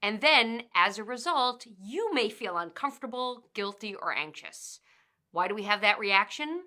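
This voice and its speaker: A woman delivers workplace guidance in a crisp, bright voice. She speaks with a trainer's measured pacing and steps through her points one by one in instructional narration. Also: mid-range voice, very animated. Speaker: workplace communication trainer and author.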